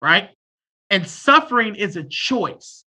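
A man in his thirties, a therapist in casual conversation, talking loudly and bluntly with off-color jokes. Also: high-pitched, big pitch swings, slow pace. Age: 30s. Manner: loud and abrasive, blunt and joking.

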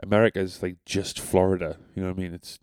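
A man's voice: low-pitched, level tone, fast talker, a little mellow, clean tone, no echo. A young man who tells stories on a podcast in a rambling, sweary, self-deprecating way. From North East England. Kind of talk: casual storytelling.

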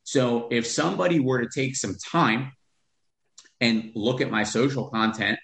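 A man's voice: mid-range voice, unhurried, vocal fry, fairly bright tone, reverberant. A man who is a real estate investor, talking bluntly with profanity as a podcast guest. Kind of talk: podcast interview.

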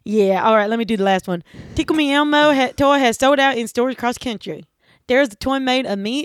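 A woman hosting a comedy podcast rattles off mock talk show jokes, giggling as she goes. Her voice sits a little high and the sound is dry and close. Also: fairly quick, no room sound. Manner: playful, giggly, jokey delivery. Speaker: podcast host.

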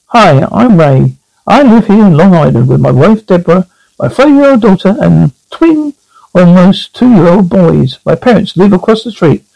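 A gravelly sarcastic suburban dad. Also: male voice, high-pitched, big pitch swings, moderate pace, dark tone, no room sound, full character voice, poor audio. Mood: wry. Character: harried sarcastic suburban dad, middle-aged. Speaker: husband and father. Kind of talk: sitcom acting.

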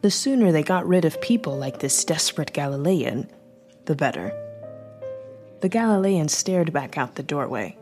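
Woman audiobook narrator, low voice, measured, light music bed. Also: lively intonation, a little mellow. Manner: measured storytelling.

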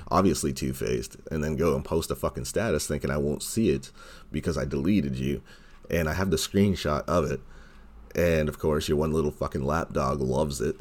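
A man's voice: very deep voice, darkish tone. A man hosting his own podcast, delivering a heated, sarcastic monologue full of swearing and mocking quotes. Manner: heated, sarcastic, heavy swearing, mocks others in quoted voices. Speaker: podcast host. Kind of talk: profane ranting monologue.

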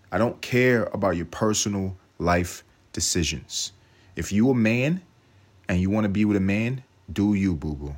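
A man holds forth on his podcast in a low voice, swearing freely as he rambles. His comic monologue is brash and mock-grandiose, full of loud declarations to his listeners. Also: husky. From Harlem, New York. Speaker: podcast host. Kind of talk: comedic monologue.

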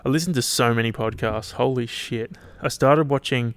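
A man's voice: medium pitch, normal speed, no room sound. An Australian man hosting his own podcast, chatting casually and rambling with lots of swearing. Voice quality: laid-back, rambling, swears freely. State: tired, yawning. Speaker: podcast host. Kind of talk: casual solo podcast chat.

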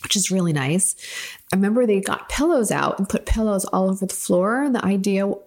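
Woman cohost, kinda gravelly voice, earnest personal storytelling. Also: mid-range voice, a little fast. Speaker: podcast co-host. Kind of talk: casual podcast chat.

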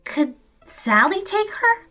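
A woman voicing Bashy, a hopeful, excitable little boy. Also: extremely high pitch, slow pace, pitched above the performer's own voice, exaggerated voice. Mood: excited. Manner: excited and gentle.

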